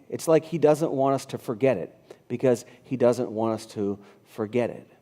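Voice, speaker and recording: A man's voice: mid-range voice, moderate pace, dark tone. A pastor in his fifties preaching a conversational sermon, reading scripture aloud and restarting his phrases. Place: church sanctuary.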